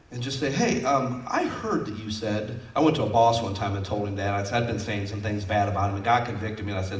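This pastor speaks a little fast in a lowish voice, preaching a conversational, folksy sermon in a church sanctuary that mixes scripture with his own stories. He's off mic, and the sound is roomy.

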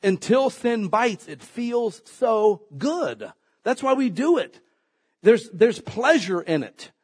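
A man preaching a sermon, his slightly husky voice ranging widely in pitch. He tells homey stories with jokes and acts out quoted voices along the way. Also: slow. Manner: folksy, joking, animated storytelling with acted quotes. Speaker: pastor.

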